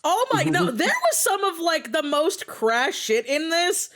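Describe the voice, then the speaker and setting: High-voiced woman streamer telling stories. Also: measured pace. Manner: animated storytelling, acting out her own reactions; swears freely, laughs often. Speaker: streamer host. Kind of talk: casual chat over a voice call.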